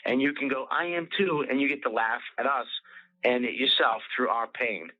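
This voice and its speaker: A man's voice: medium pitch, steady tone, moderate pace. A male comedian hosting a casual podcast chat, ranting angrily and swearing constantly. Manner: profane angry ranting. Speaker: comedian host. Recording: tinny lo-fi phone-like audio.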